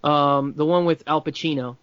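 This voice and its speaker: A man's voice: on the high side, steady tone, normal speed, fairly bright tone, no echo, dull audio. A man in casual film talk, rambling with many restarts and fillers.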